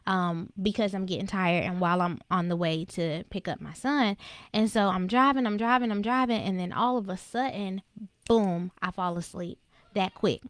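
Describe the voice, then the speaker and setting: A woman's voice: medium pitch, moderate pace, no echo. Earnest woman telling a faith-filled story. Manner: earnest, emotional retelling with faith references. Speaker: speaker for women in business. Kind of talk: personal testimony, motivational storytelling.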